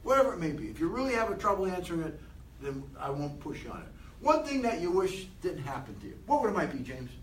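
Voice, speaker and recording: A man giving an animated motivational talk to a room of people, asking them many questions. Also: sits high, fast, roomy sound, recorded from a distance, a little hiss or hum, rough recording. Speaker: motivational speaker.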